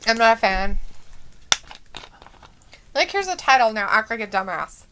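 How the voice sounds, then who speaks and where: Brief: woman co-host of a wrestling watch-along stream, high, very lively voice, bright, laughs a lot and swears. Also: unhurried, clean tone. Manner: laughs often, blunt, swears freely. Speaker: co-host reacting to a wrestling show. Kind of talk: casual live-stream watch-along chat.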